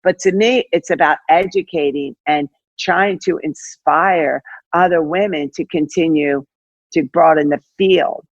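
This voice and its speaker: Older woman, college coach, lively storyteller, dry and slightly muffled recording. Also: deep voice, measured pace, no room sound. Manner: animated, acts out quoted dialogue, many fillers. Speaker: head basketball coach, guest. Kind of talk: casual interview storytelling.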